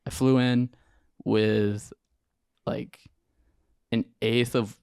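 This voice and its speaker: A young man, a podcast guest, telling his story in an animated, slangy way with lots of acted-out quotes. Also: mid-range voice, drawn-out words, gravelly, clear, resonant tone, no room sound, studio quality. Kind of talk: casual storytelling interview.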